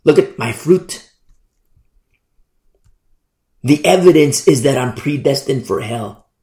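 Man, preacher, sermon, emphatic, repetitive, lively pitch, echoey room. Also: moderate pace. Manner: emphatic, repeats phrases for effect.

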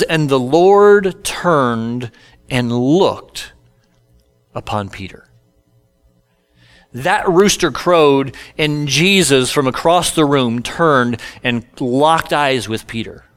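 A male pastor preaching a sermon at a slow, deliberate pace, with a voice that sits a bit higher than most men's. He tells scripture stories and acts out the characters in casual everyday speech. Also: fairly bright tone.

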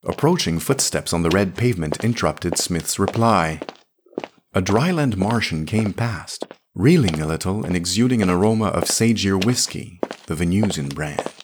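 A man reading a classic science fiction story aloud in a measured, descriptive storytelling manner. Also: low voice, background noise. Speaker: podcast narrator.

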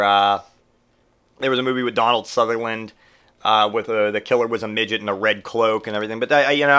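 A man hosting a podcast, rambling and swearing through a comic monologue, getting over a cold. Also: mid-range voice. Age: adult parent who grew up in the eighties. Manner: profane, rambling and animated, with mock voices for quotes. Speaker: podcast host. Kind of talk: casual comedic monologue.

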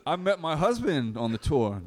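A man reading first-person testimony aloud at a live reading, reflective and gentle. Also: on the high side, a little hiss or hum. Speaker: reader at a live oral-history reading.

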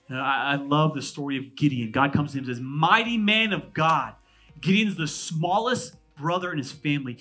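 A man in his thirties delivers a sermon in a husky, somewhat high voice, with soft music playing faintly behind him. He moves quickly from loud, emphatic declarations to hushed, intimate lines, and he slips in joking asides as he preaches. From California. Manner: quick, conversational preaching with humor. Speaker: pastor.

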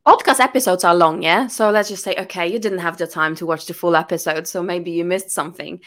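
A woman's voice: fairly low pitch, steady tone, a little fast, fairly bright tone. A woman chatting on a podcast as a guest business coach, telling stories animatedly and laughing often. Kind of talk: casual podcast chat.

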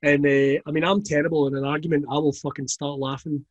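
Comic, middle-aged, higher-pitched voice, laughs through his stories, swears a lot. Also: level tone, fast, no room sound, dull audio. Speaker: comedian. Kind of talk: casual podcast chat.

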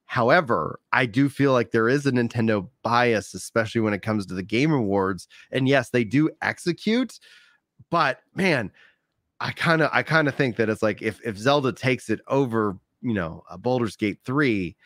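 A man's voice: mid-range voice, animated, moderate pace, fairly bright tone, no room sound, studio quality. A man with a light Texan accent, co-hosting a podcast, chatting casually and laughing often as he jokes. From United States. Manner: laughs often, loose joking delivery. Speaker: podcast co-host and stand-up comedian. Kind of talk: casual chat.

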